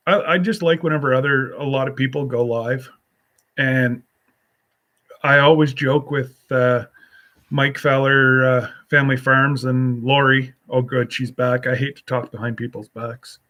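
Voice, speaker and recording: A man's voice: medium pitch, fairly even intonation, a little slow, pushed and bright. A man hosting a casual solo live stream, rambling as he reads and answers viewer comments with a folksy, teasing manner.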